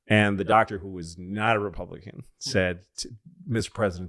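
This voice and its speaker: A man on a comedy podcast telling a long rambling story in casual chat, profane and loose, breaking into loud excited bits. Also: lowish voice, moderate pace. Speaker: podcast co-host.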